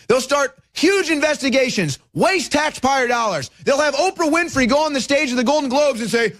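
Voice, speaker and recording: High-pitched fired-up male radio host. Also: lively intonation, fairly quick, hardly any pauses, dry recording. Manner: fired-up, rising to shouts. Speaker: radio talk show host. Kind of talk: heated political talk radio monologue.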